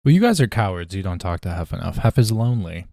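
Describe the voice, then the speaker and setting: A man's voice: low-pitched, very animated, quick pace, vocal fry, dark tone, no echo, clean studio sound. A young man co-hosting a podcast in casual chat, joking and teasing his co-hosts. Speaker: podcast producer and co-host.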